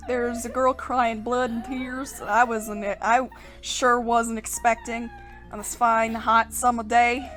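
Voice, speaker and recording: Brief: woman host, higher voice, reads game text aloud, laughs and jokes in between, faint music behind. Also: fairly even intonation, takes it slowly, fairly bright tone. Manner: giggly, casual asides between narration. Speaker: let's play host. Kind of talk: reading game narration aloud.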